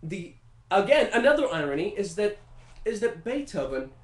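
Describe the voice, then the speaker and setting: A man riffing in a casual comedic monologue, animated and profane, rambling with fillers. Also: high-pitched, normal speed. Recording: roomy echo.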